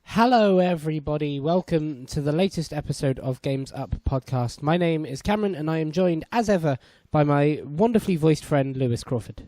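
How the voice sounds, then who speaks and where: Male podcast host, casual and jokey, slightly raised pitch, dry close mic. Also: animated, normal speed, few pauses, dark tone, no room sound. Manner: joking, swears casually. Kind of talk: casual chat.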